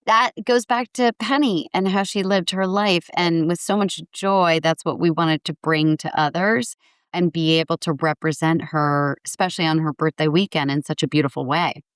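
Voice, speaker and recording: A woman's voice: low-pitched, fairly even intonation, normal speed, smooth, no echo, studio quality. A woman in her forties, a guest on a podcast interview, talking in an upbeat, earnest way. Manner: upbeat, earnest, acts out quotes brightly. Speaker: guest, foundation founder.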